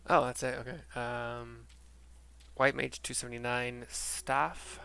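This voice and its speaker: A man's voice: mid-range voice, level tone, takes it slowly, vocal fry, bright, forceful tone, smooth. A man casually reading out and narrating a game story for blind viewers, rambling, swearing and laughing at himself. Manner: rambling, swears, self-deprecating. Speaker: gaming narrator.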